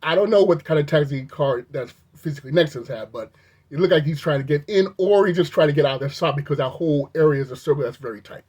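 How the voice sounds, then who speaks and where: Vlogger recounting an incident to camera; husky, animated, incredulous storyteller. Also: fast talker. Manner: animated, incredulous, pitch jumps up when outraged. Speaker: video reviewer recounting an incident. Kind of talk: storytime commentary.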